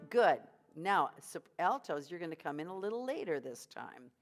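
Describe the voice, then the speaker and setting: A woman's voice: very animated, moderate pace. Woman running choir practice, voice bounces all over, cheering singers on, some music in the back. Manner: encouraging, sings high vocal drills between instructions. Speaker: choir vocal coach. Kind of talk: leading a choir rehearsal.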